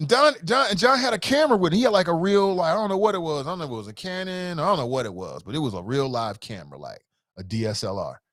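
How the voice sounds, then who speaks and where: An animated man hosts a talk show and tells a rambling story with a lot of jokes. His pitch swings widely while he acts out what people said. The sound is dry and close, with no room echo. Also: quick pace. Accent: American. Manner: animated, jokey, acts out quotes with voices. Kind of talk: casual storytelling monologue.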